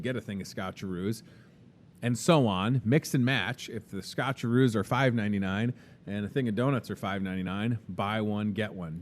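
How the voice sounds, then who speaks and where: A man's voice: lowish voice, darkish tone. A young man with a Midwestern American accent hosting a casual store promo, chatty and upbeat with joking sales patter. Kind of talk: casual live promo talk.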